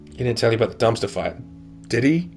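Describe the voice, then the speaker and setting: A goofy, soft-hearted dad from a dating-sim game, read by a man in his own voice. He talks fondly and jokily at a mid pitch. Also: animated, fast, natural voice. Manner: fond, jokey. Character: warm, goofy widowed dad, sentimental.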